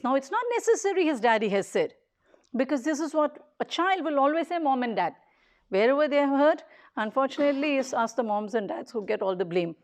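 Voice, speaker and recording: A woman with a high voice gives an earnest public talk. She speaks in short, emphatic phrases and repeats key points as she builds her case. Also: expressive, brisk. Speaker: daycare leader.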